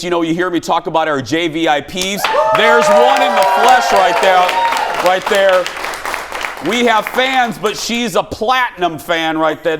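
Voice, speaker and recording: A man hosting a comedic talk show in a TV studio, telling self-deprecating stories and jokes to a live audience. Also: high-pitched. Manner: jokey, animated, self-deprecating storyteller. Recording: studio audience and background noise.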